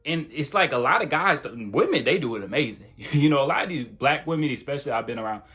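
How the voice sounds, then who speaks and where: A man's voice: medium pitch, expressive, fast, fairly bright tone. A man giving casual, blunt self-improvement advice straight to the camera, in a slangy, conversational way. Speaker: self-improvement video creator.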